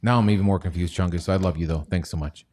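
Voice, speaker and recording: A man's voice: sits low, steady tone, fast talker, darkish tone, slight background noise. A man hosting a livestream, joking around and reading viewer comments aloud in rambling, casual banter. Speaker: livestream host.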